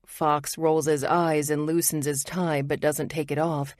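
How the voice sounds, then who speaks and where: A woman's voice: deep voice, little pitch movement, measured pace, few pauses, darkish tone, no room sound, clean studio sound. A woman narrating a romance audiobook in the first person, wry and intimate.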